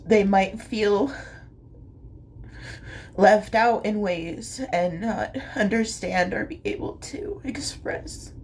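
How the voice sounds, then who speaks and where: A young woman talks slowly through tears in a small, gravelly voice. She speaks haltingly, with soft, breathy, half-whispered asides. A faint hiss of noise sits under the recording. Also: mid-range voice, fairly even intonation. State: crying. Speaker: vlogger. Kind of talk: tearful confessional monologue.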